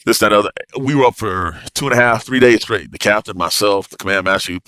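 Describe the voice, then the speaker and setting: A man, a navy officer, telling a story as a podcast guest in an animated, excitable way with bursts of laughter. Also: lowish voice, a little fast, no echo. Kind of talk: casual storytelling.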